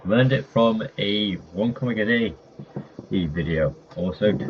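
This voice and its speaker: A man's voice: fairly low pitch, a little slow. A man in casual commentary running through a list of comic villains, rambling with fillers and self-corrections. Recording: dull lo-fi mic with faint noise.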